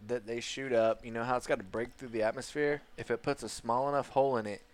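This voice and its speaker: A man's voice: mid-range voice, steady tone, fast talker. A man co-hosting a podcast, rambling and joking in casual chat. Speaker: podcast co-host.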